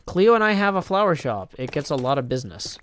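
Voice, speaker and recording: A man's voice: fairly high pitch, sing-song, quick pace, a bit bright. Rambling man chatting on a live stream. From Tennessee, United States. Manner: rambling storyteller, many "like"s and restarts. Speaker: live streamer playing a block-building game. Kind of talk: casual live-stream chat.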